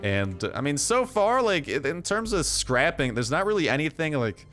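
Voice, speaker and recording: A man's voice: a little high, sing-song, normal speed, fairly bright tone. Young male gaming YouTuber, loose filler-heavy jokey delivery, faint music bed underneath. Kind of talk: casual gameplay commentary.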